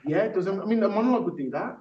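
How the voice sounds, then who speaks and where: Guy doing spoken word in a workshop room, high voice, sounds far off and a bit muffled. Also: very fast. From Yorkshire, England. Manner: rhythmic, punchy performance delivery. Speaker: workshop facilitator. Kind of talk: performing spoken word poetry. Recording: echoey room from a distance, dull.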